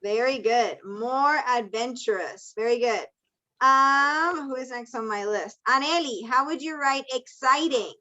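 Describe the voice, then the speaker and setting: A woman's voice: sits high, measured pace, bright, forceful tone. A woman teaching an online English class, patiently calling on students and explaining in English and Spanish. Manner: encouraging, switches between English and Spanish explanations. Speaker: ESL teacher. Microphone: video call. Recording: dull lo-fi video call audio.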